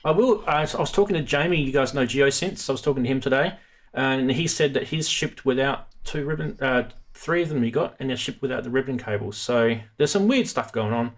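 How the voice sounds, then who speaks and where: A man's voice: medium pitch, fairly quick. A man hosting a live stream about synth modules, chatting casually and rambling with many restarts. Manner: rambling, self-interrupting, chatty.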